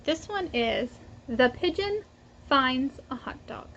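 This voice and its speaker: High-voiced, slow-reading woman teacher. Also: animated, fairly bright tone. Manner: slow, clear, instructive. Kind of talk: reading a picture book to young students. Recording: dull lo-fi audio with faint noise.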